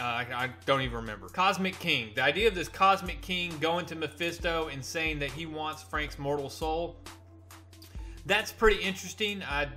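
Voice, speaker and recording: A man reviewing comics in a casual vlog, retelling the story with animated delivery and frequent restarts. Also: a little high.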